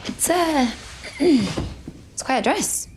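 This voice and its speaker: An actress playing a grumpy, down-to-earth young gardener with a Manchester accent in a drama series, speaking in a dry, teasing way. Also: female voice, high voice, lively intonation, very slow, slight background noise, heavily acted. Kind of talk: television drama acting.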